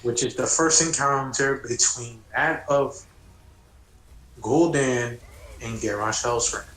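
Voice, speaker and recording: A man's voice: medium pitch, slow, a bit bright. A man co-hosting a gaming stream in casual chat, rambling with plenty of fillers. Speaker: stream co-host. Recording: echoey room.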